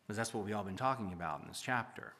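A man's voice: on the low side, rapid-fire, pushed and bright. A male pastor preaching a sermon in church, reading scripture aloud with emphasis and explaining it.

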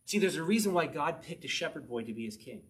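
A man's voice: fairly high pitch, expressive, fast talker. A man preaching a verse-by-verse sermon in a conversational way, often acting out quotes in short little voices. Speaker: pastor.

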